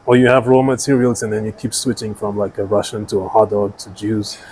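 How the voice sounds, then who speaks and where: A male podcast host with a fairly low voice sums up his guest's story in a reflective way. He leans on small fillers as he talks, and a faint noise sits behind him. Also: flat delivery, a little fast, a little mellow, low-quality recording. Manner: reflective, summing up with many fillers like "you know" and "like". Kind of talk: podcast interview.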